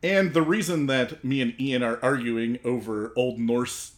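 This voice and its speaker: Man, podcast co-host, explanatory, corrective, casual chat, mid pitch. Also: steady tone, a little slow. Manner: correcting, explains the show's format plainly.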